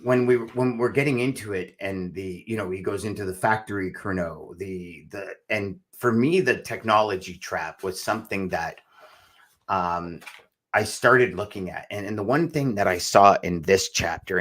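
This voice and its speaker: A man's voice: sits low, moderate pace, fairly bright tone. A man co-hosting a podcast, talking in a loose, rambling way and calling his co-host "brother". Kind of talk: casual podcast chat.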